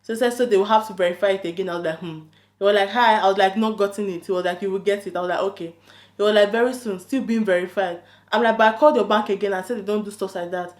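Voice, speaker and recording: A woman's voice: medium pitch, very fast. A woman chatting casually as she tells a storytime vlog, acting out both sides of a conversation with lots of "I'm like". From London. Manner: animated, quotes both sides of a chat, frequent "I'm like". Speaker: YouTuber telling a story. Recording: echoey room.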